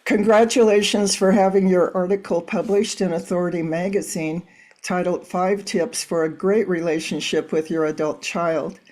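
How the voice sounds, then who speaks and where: A middle-aged woman hosts an interview, reading out a guest introduction and moving through prepared questions. Her voice is a little low for a woman. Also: a little mellow. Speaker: host. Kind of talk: interview hosting.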